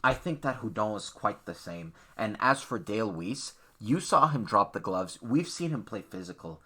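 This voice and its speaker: A man's voice: fairly low pitch, lively intonation, moderate pace, sharp tone, breathy edge. A man hosting a sports podcast, talking bluntly and opinionatedly in a ranting, casual way. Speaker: podcast host.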